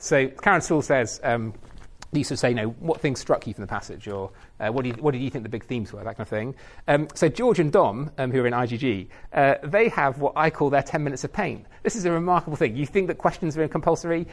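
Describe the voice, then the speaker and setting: Chatty man giving a training talk. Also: mid-range voice. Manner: chatty, self-mocking, many ums. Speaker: Bible study trainer.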